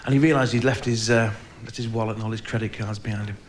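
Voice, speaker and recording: A man's voice: on the low side, steady tone, quick pace. A man from England doing live stand-up with a northern English accent, bantering cheekily with the audience and acting out the voices of his characters. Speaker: stand-up comedian. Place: comedy club before a live audience. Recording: live recording with crowd and room noise.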